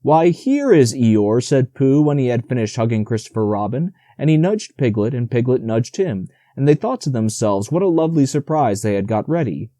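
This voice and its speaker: A man narrating a children's audiobook in an expressive storytelling voice. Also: medium pitch, fairly quick, hardly any pauses, no room sound, studio quality.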